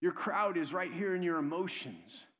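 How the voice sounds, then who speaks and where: A man preaching a sermon as pastor in a church, with a conversational manner, calling out to the congregation and swinging between hushed low passages and loud, raised exhortation. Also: lively intonation, normal speed. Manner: conversational, calls out "come on" to the congregation. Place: church sanctuary. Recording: long hall reverb.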